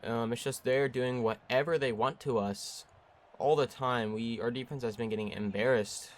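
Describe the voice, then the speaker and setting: A young man giving play-by-play commentary over his own video game, jumping between excited bursts and frustrated, flat stretches. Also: medium pitch, moderate pace. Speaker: gaming YouTuber.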